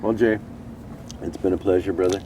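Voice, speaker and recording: A man's voice: deep voice, steady tone, moderate pace. A man hosting a casual outdoor interview, dropping in short, supportive comments. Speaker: host. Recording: distant mic, loud street noise.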